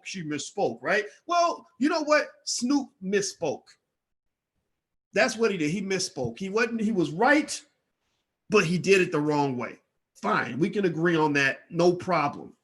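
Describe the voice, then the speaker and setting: A man with a slightly high voice speaks straight to his online audience in casual commentary. He presses hard, demanding yes-or-no answers again and again. He often stumbles and restarts his words as he goes. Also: fairly bright tone. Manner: stammering restarts.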